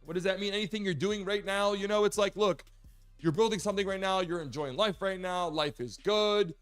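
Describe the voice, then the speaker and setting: Male talk-show host, high pitch, animated commentary, faint music bed. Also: fairly quick, clean tone. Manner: animated, swings between loud emphasis and low asides. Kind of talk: solo sports talk commentary.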